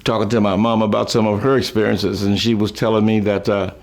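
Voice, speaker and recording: An older man reminiscing about his life, telling rambling, folksy stories with chuckles, trailing off and restarting, and lifting his voice high when he quotes people. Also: little pitch movement, fairly quick. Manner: raises his voice high when quoting others. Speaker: musician recalling his life. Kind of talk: rambling storytelling.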